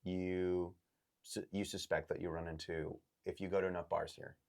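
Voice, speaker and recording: Male game master, very low voice, rambling and hesitant delivery. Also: little pitch movement, gravelly, darkish tone. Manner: halting, full of ums and likes. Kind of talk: narrating a tabletop game.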